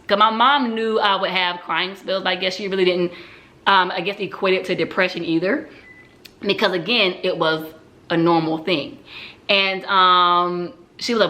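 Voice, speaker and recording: A woman's voice: mid-range voice, steady tone, normal speed, bright, forceful tone. A woman candidly recounting a personal experience in a reflective storytelling manner, with frequent "um"s. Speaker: speaker sharing personal story. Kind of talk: personal testimony talk.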